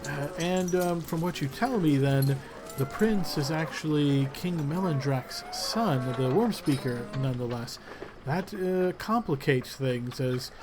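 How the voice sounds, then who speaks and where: A man voicing a weary noblewoman who is quick to anger and halts with fillers when flustered. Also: low voice, animated, over music. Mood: grave. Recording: noisy home recording.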